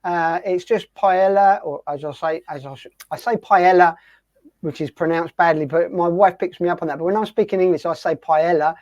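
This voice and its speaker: A man hosting a radio show, asking a guest questions in an easygoing, halting way. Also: high-pitched, darkish tone, no room sound. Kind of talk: casual interview chat. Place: home on the coast in southern Spain. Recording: dry, dull lo-fi sound.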